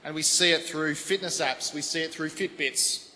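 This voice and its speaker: A man giving a lively, conversational sermon to a congregation. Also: on the high side, moderate pace. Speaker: preacher. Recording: long hall reverb, faint background noise.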